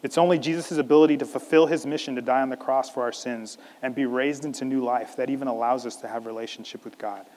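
A man preaching a sermon as a pastor, animated, acting out a scripture scene in different voices. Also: medium pitch, quick pace, few pauses, long reverb tail.

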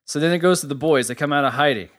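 A man co-hosting a casual podcast, telling a story with animated, profane energy. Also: a little high, very fast. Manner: animated storyteller, swears freely. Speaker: podcast co-host.

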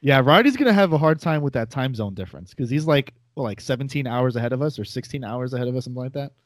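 A man who used to host shows is now a podcast guest, chatting casually in a rambling, self-deprecating way. His mid-range voice is nasal and expressive, and he talks fast in a dry recording with no room sound.

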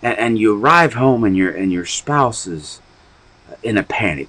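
A low-voiced man with a husky edge preaches in a loose, conversational way, his pitch swinging widely as he talks. He rambles and restarts, like someone thinking aloud in a casual sermon. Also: sing-song, moderate pace, a bit bright, rough recording. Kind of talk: informal sermon podcast.

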